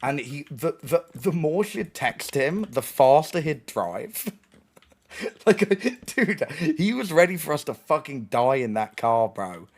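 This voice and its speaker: A man's voice: a little high, slow pace. A young man streaming, casually telling a story with lots of swearing, laughter and restarts. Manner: animated, sweary, laughing often, many restarts.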